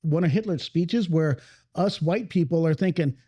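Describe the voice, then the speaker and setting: A man's voice: fairly high pitch, moderate pace, dark tone, dry recording, muffled recording. A man hosting a podcast in casual chat, rambling and swearing freely as he talks. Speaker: podcast host. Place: cigar lounge.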